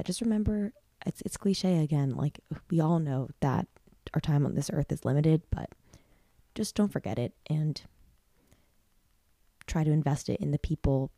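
The podcast host, a woman in her 20s, speaks low and a little slowly with long pauses and a warm tone, with no room sound. She rambles in a heartfelt way, saying "like" a lot and restarting often, sometimes on the verge of tears.

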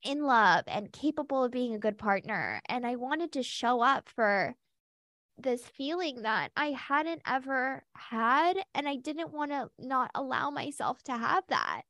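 A woman's voice: sits high, expressive, measured pace, pushed and bright, dry recording, clean studio sound. A woman guest on a podcast, candidly and heartfelt telling her own story with lots of casual fillers.

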